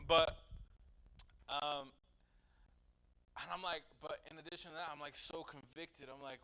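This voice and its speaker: A man, a guest pastor, telling his personal testimony in a chatty, animated way. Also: fairly high pitch, moderate pace, pauses often, clear, resonant tone, rough recording.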